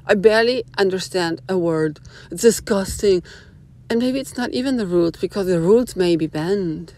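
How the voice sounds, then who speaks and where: A woman's voice: medium pitch, normal speed, warm tone. A woman talking casually to her phone camera in a rambling, opinionated monologue full of asides. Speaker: vlogger. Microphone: small phone camera.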